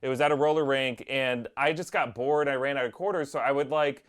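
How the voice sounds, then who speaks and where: Animated man telling stories on a video call. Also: mid-range voice, a little fast, smooth. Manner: animated storyteller, acts out voices. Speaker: co-host. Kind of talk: casual chat.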